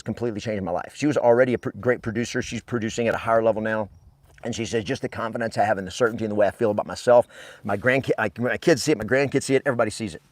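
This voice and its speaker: A man's voice: lowish voice, dry recording. A man giving a blunt, emphatic motivational talk as a real estate coach, swearing freely.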